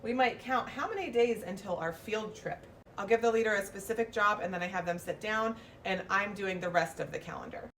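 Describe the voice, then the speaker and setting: A woman's voice: medium pitch, a little fast, a bit bright. Woman, preschool teacher, sing-song teacher voice, classroom routine, distant mic, faint background noise.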